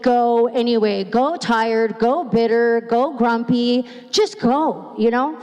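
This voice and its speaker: Middle-aged lady pastor preaching, kinda high voice, super chatty, echoey church hall. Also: moderate pace, few pauses, darkish tone. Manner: chatty, conversational preaching with fillers; acts out quoted voices. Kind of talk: sermon. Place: church sanctuary. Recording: long hall reverb.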